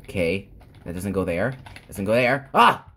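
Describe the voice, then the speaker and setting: A woman hosting gameplay commentary, excitable, with sudden squeals and exclamations. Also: very deep voice, measured pace. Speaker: gamer, channel host.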